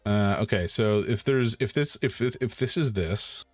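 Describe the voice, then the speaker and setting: A man streaming live, chatting casually while he draws, rambling and self-mocking with sudden loud exclamations. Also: fairly low pitch, normal speed, no echo, soft background music.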